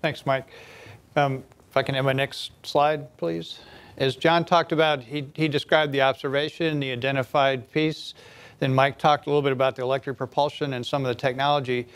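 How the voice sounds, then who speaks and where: A man presenting a mission plan in a measured, explanatory way during a technical talk. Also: medium pitch, little pitch movement, a bit bright.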